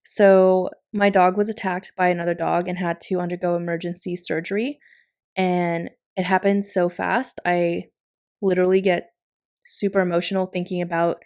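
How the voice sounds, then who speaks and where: A woman narrating a planner-decorating vlog in a chatty, casual voiceover, often laughing lightly. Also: lowish voice. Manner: chatty, warm-hearted, with frequent laughs. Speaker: planner vlogger. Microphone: recorded voiceover.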